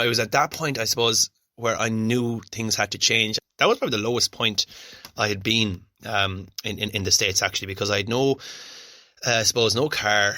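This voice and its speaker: Young Irish man, podcast host, chatty, self-deprecating, bright voice, dry sound. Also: on the low side, no room sound. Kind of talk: solo podcast storytelling.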